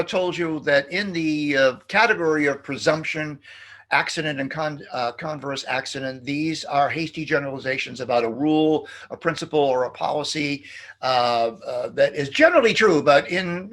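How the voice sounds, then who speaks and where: Male philosophy professor, middle-aged, slightly high voice, husky tone, lively pitch, hesitant fillers. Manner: animated, hesitant, with many fillers and restarts; acts out quoted jokes in a playful sing-song. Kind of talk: recorded lecture.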